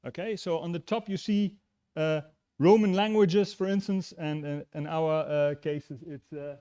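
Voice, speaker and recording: A man's voice: fairly high pitch, measured pace, clear, resonant tone, dry recording, muffled recording. Man giving a graduation speech. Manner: relaxed, tells jokes and stories. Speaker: graduation speaker. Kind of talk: ceremonial speech.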